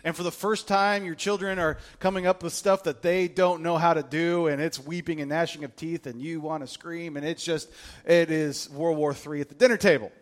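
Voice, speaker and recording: A man's voice, a little high and at a moderate pace, carries a pastor's sermon. He jokes casually with his congregation, humorous and lively, and acts out the quoted voices in his story.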